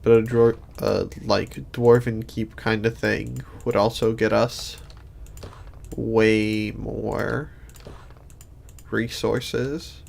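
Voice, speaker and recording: A man's voice: fairly low pitch, little pitch movement, extremely slow, gravelly, a little mellow. A sleepy man streaming a game in casual commentary, rambling and thinking aloud with many restarts. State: sleepy, yawning.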